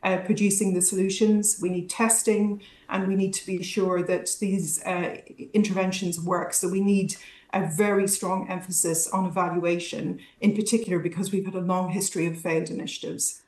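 A woman's voice: fairly low pitch, level tone, normal speed, darkish tone, echoey room. A woman academic speaking as a guest in a news interview, thoughtful and analytical, with frequent ums and restarts. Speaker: academic guest, healthcare researcher.

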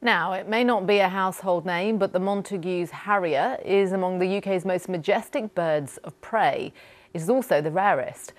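A woman presenting the news in a clear, formal reading style. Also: lowish voice, moderate pace.

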